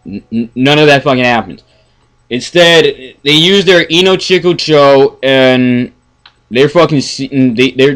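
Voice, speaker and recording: A man ranting in a casual review, profane and exasperated, stammering and swinging from mumbling to yelling. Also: mid-range voice, clear, resonant tone. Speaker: anime reviewer.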